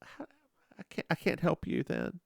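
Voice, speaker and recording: A man's voice: normal speed, dry recording. A man co-hosting a podcast, recapping a TV episode in a playful, rambling chat into a close mic. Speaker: podcast host.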